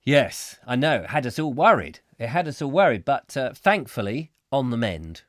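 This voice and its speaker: A man's voice: mid-range voice, sing-song, normal speed, no room sound, clean studio sound. A man hosting a live call-in chat show, rambling and chatty, with lots of ums as he reads out comments. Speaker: host.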